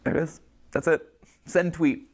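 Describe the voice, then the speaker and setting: Halting, emotional man saying farewell. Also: a little high, steady tone. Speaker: YouTube channel host. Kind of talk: unscripted heartfelt farewell address.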